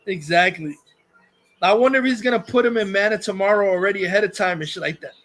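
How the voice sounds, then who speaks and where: High bright heated ranting man. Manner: profane, heated, frequent filler pauses. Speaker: commentary streamer reading chat. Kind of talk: casual ranting commentary.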